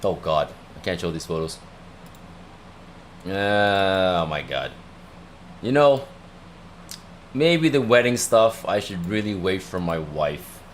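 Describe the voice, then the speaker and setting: Low-voiced man chatting on a livestream. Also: big pitch swings, takes it slowly, pauses often, a little hiss or hum. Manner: chatty, rambling, repeats himself. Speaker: livestream host. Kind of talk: casual livestream storytelling.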